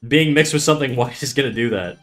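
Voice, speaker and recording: A man's voice: mid-range voice, fast, faint music behind. A man on a casual livestream, rambling, restarting sentences and cursing casually as he chats. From Canada. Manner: rambling, self-correcting, joking, swears casually. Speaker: streamer teaching drawing.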